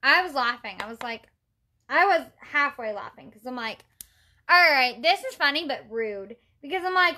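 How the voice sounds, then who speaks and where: Pushed and bright, her high voice has lively intonation and moves at a moderate pace. The young makeup vlogger chats casually during a livestream while doing her makeup, telling stories with talkative exasperation and greeting viewers from the chat.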